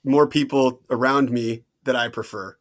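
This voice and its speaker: A man on a comedy chat show, speaking quietly and haltingly with mock stubbornness. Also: medium pitch, steady tone. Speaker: panelist.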